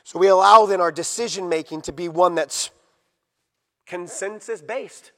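High-voiced man preaching in an echoey hall. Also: moderate pace. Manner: emphatic, repetitive, rhetorical questions to the congregation. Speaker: pastor. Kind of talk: sermon. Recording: long echoey hall reverb.

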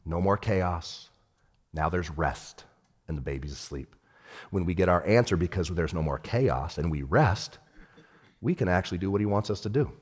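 A man preaching a sermon as pastor, animated, swinging from shouted lines to hushed ones. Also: sits low, normal speed, husky, big-room sound.

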